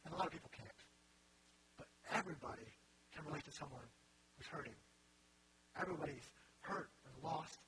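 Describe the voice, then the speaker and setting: A man's voice: on the high side, expressive, fairly quick, pauses often, bright, forceful tone, a little hiss or hum, rough recording. A man preaching a sermon in an earnest, conversational way, with wry asides.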